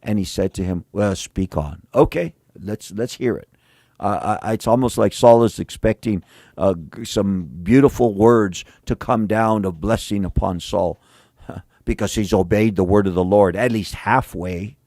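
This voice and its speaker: Gravelly preacher with a slangy sermon. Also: male voice, fairly low pitch, moderate pace, dry recording, clean studio sound. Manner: conversational with slang, swinging between emphatic and hushed. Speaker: pastor.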